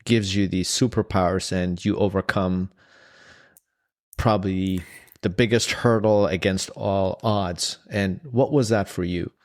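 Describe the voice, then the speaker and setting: A man hosting an interview, asking long, winding questions full of restarts. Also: lowish voice. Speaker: podcast host. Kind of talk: interview conversation.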